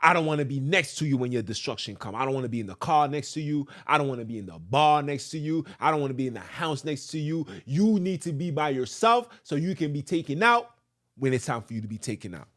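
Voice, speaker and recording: A man hosting a podcast, animated and ranting, who repeats phrases, jokes and reads a letter aloud. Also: medium pitch. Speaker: podcast host.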